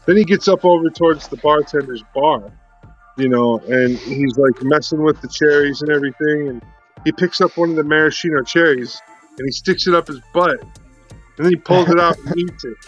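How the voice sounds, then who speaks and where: A man's voice: fairly high pitch, moderate pace, fairly bright tone, slightly rough, highs cut off, faint music behind. A man telling a long, profane joke in casual chat, rambling and full of fillers. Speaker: co-host.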